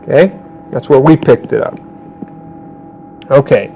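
A man teaching a Bible class, questioning his students and calling on them by name, slowing down to quote verses. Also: mid-range voice, creaky, mellow, a little hiss or hum, poor audio. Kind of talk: interactive Bible class lecture.

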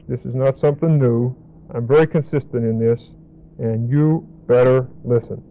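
A man's voice: medium pitch, moderate pace, muffled recording. A man teaching a Bible lesson as a pastor, speaking in a blunt, emphatic way. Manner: emphatic, direct, blunt warnings.

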